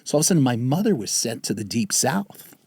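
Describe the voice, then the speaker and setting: Man in his fifties telling a lively story. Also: fast talker, breathy edge, no room sound. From the Bronx, New York. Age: 50s. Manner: animated storyteller, acts out quotes with pitch jumps. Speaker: guest, TV writer. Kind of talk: casual interview storytelling.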